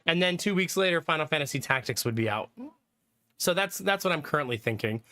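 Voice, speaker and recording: A young man talks loosely to his live-stream chat, thinking out loud and filling gaps with ums and likes. His voice sits a little high and sounds bright and forward. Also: lively intonation, fairly quick. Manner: rambling, thinking aloud, frequent fillers and laughs.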